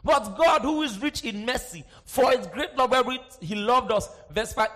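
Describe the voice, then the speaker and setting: A man preaching a sermon, swinging from shouted emphasis to quiet asides and often asking the congregation if they are with him. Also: extremely high pitch, normal speed. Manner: asks the congregation for response, sing-song emphasis.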